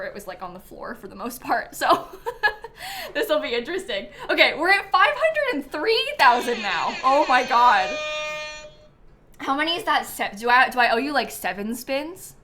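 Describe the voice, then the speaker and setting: A woman's voice: fairly high pitch, big pitch swings, normal speed, pushed and bright, a little hiss or hum. A woman hosting a casual live stream, chatty and giggly, full of ums and likes as she thanks viewers by name. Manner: reads out viewer names and thanks. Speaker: livestream host.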